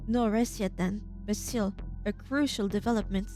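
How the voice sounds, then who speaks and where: A woman's voice: fairly high pitch, a little fast, few pauses, soft background music. Young woman reading a game aloud. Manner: expressive narration, casual asides. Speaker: streamer.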